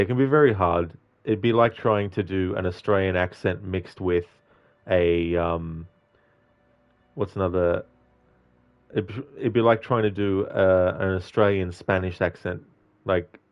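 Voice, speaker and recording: A man's voice: deep voice, fairly even intonation, unhurried, long pauses, lo-fi sound. A man chatting casually on a game live stream, reading out and answering viewers by name.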